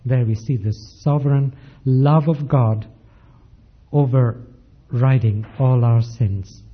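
Slow, husky-voiced male preacher. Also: a little high. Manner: slow, emphatic preaching with measured pauses. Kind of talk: sermon. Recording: dull lo-fi recording.

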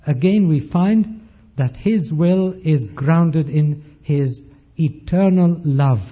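Slow, husky-voiced male preacher. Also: a little high. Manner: slow, emphatic preaching with measured pauses. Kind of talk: sermon. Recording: dull lo-fi recording.

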